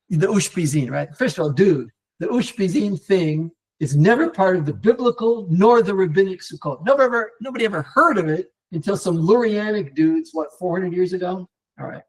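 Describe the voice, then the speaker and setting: A rather high-voiced man leads a live online Torah class. He swings his pitch up and down freely as he explains, answers viewers, and sprinkles in Hebrew words, with frequent restarts and fillers. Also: expressive, a little fast, husky. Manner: mixes in Hebrew terms.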